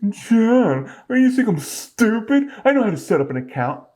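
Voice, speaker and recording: A man voicing a scoffing, indignant know-it-all viewer in a mocking, high-pitched tone. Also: big pitch swings, moderate pace, darkish tone.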